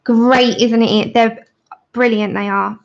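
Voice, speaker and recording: A woman's voice: on the high side, steady tone, takes it slowly, gravelly. A woman in her thirties chatting casually and giggling while she demonstrates colouring on a livestream. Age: 30s. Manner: chatty, giggly, reads out viewer comments. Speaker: livestream host colouring with viewers. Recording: dull lo-fi livestream audio.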